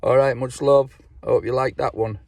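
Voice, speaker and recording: A man's voice: mid-range voice, steady tone, moderate pace, vocal fry, darkish tone, no echo, studio quality. A man telling a joke to camera in a casual, rambling way, swearing freely and laughing at his own lines. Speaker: vlogger.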